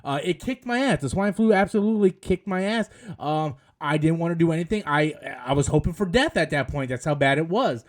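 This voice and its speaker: A man in his thirties hosts a casual live stream with a fairly high voice. He chats in a loose, rambling way and reads out viewer messages as they come in. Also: animated, brisk, few pauses. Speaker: host.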